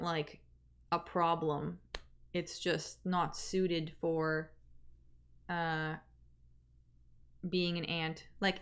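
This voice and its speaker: A young Canadian woman hosts a livestream, chatting loosely with viewers in a lowish, pushed, bright voice. She rambles, drifts off mid-thought, and keeps restarting sentences.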